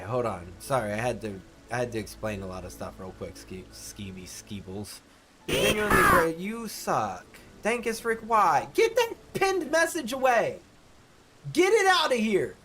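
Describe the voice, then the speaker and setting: A man streaming live, chatting casually with his viewers in an animated, exasperated way. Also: medium pitch. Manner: animated, exasperated, talks to chat.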